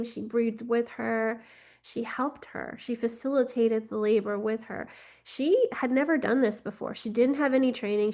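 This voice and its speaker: Female storyteller with a slightly high voice, telling a folk tale unscripted for a guided workshop. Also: a little mellow. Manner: unscripted retelling with fillers like "right?" and "like". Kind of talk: spoken storytelling for a guided healing journey.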